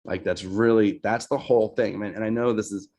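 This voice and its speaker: A man's voice: lowish voice, fairly even intonation, brisk, darkish tone. A man leading a casual team training on sales calls, loose and chatty, often asking "right?" and with a New Jersey accent. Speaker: real estate team leader.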